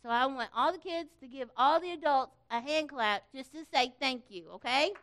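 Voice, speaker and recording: High-voiced, animated middle-aged woman. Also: normal speed, a little hiss or hum. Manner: animated storytelling, acting out quoted voices; folksy, earnest. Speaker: church camp organizer thanking volunteers. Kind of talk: informal church address.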